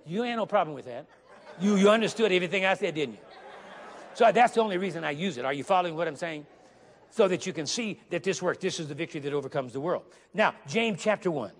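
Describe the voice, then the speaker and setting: A man preaching a sermon to a congregation, emphatic, repeating key phrases and slowly reading scripture aloud while asking the listeners questions. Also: on the high side, lively intonation. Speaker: guest preacher. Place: church sanctuary. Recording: long hall reverb.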